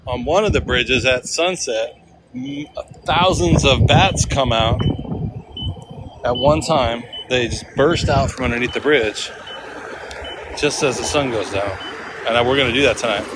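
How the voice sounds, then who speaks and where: A man's voice: medium pitch, measured pace, very noisy. A man casually chatting to his viewers on a livestream while out in the city, thinking aloud as he goes. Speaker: livestream vlogger. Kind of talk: casual walking livestream chat. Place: outdoors on city streets, riding in a vehicle.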